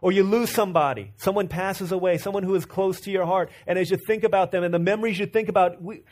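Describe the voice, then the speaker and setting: A man in his thirties preaching a sermon, earnest and repeating himself, dropping to a soft low voice for stories. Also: fairly even intonation, fast talker. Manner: earnest, repeats words and restarts, drops to a soft low voice when telling stories. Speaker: pastor.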